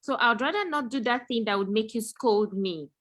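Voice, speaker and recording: A woman's voice: a little high, normal speed, fairly bright tone. Earnest woman on a discussion panel. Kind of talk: casual group discussion.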